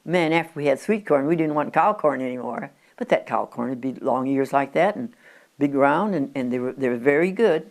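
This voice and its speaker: A woman's voice: very deep voice, expressive, fairly quick, a little mellow. A woman in her nineties, interviewed at her country home, reminiscing in a chatty, rambling way with frequent restarts. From Oregon, USA. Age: 90s.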